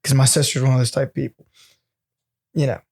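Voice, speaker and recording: A man's voice: medium pitch, little pitch movement, brisk, gravelly, a little mellow. A young man co-hosting a casual podcast, telling stories in a rambling way full of fillers like um and like. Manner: rambling, many fillers and laughs. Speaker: podcast co-host. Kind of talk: casual storytelling chat.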